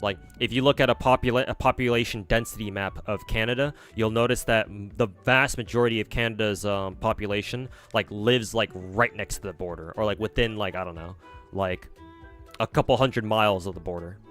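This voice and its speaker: A man's voice: fairly low pitch, a little fast, fairly bright tone, faint music behind. A young man chatting casually as a streamer, answering viewers with lots of fillers and restarts. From United States. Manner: rambling, many fillers and restarts.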